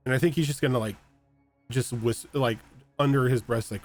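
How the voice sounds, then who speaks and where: A man's voice: medium pitch, fairly even intonation, moderate pace, soft background music. A man playing a tabletop game, talking loosely with lots of fillers. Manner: loose, filler-heavy chat. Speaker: player.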